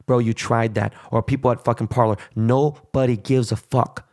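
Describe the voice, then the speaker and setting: A man's voice: mid-range voice, level tone, normal speed, darkish tone. Male host, fired-up profane rant, blunt and crude, mid-range voice. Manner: angry, crude, heavy swearing. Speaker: show host.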